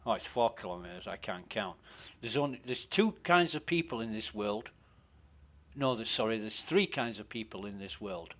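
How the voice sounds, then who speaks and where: A man's voice: on the low side, lively intonation, moderate pace, fairly bright tone. A man, chatting casually while streaming a game, rambling and swearing as he talks, often cutting himself off mid-sentence. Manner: rambling, sweary, self-interrupting.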